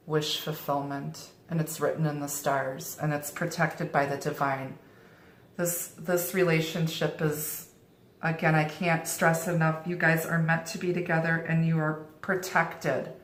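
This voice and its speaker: A middle-aged woman with a low voice gives a tarot reading, taking her time and reassuring her listeners over and over. She often circles back and restarts her phrases. The sound is roomy, with a clear echo around her. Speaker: tarot reader.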